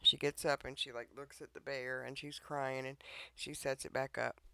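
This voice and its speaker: A man gives an informal devotional message, pleading and earnest, often pausing to check in with his listeners. His voice sits in an ordinary middle range with a gravelly, creaky edge. It is recorded close to the mic in a dead, dry room. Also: mid-range voice, flat delivery, bright, forceful tone, no echo. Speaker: online devotional preacher.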